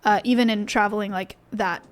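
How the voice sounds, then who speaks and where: A woman's voice: mid-range voice, fairly even intonation, a little fast. A young woman streaming from her home office, chatting with her viewers in a rambling way full of fillers and restarts. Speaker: livestreamer. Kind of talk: casual chat with stream chat.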